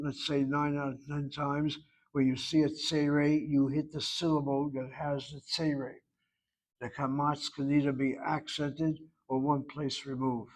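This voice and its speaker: A man's voice: on the high side, rough recording. A man teaching a language class, patiently explaining at length and asking rhetorical questions. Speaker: Hebrew instructor.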